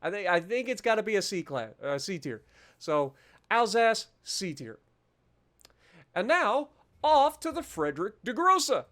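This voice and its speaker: High-voiced chatty man hosting a gaming channel. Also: big pitch swings, unhurried, a bit bright. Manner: chatty, self-deprecating, many fillers and restarts. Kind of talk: casual gameplay commentary.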